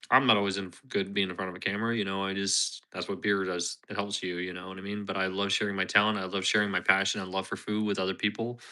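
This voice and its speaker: A man's voice: low-pitched, flat delivery, quick pace, hardly any pauses, sharp tone. A man with a Philadelphia accent, in his thirties, chatting casually and rambling to viewers on a live stream while outdoors in a parking lot. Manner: rambling, chatty, laughs often, repeats himself. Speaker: livestream host. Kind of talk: casual livestream chat.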